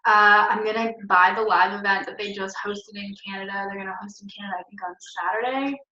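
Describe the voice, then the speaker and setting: A woman's voice: mid-range voice, steady tone, fast, bright, forceful tone. A young woman talking in a chatty, rambling, encouraging way in a casual motivational vlog recorded at home. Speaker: network marketing team leader. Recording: roomy, distant, dull lo-fi sound.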